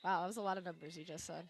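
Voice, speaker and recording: A woman's voice: fairly low pitch, husky, dry recording. Wry young woman color commentator. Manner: chatty, wry analysis. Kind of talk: live sports commentary.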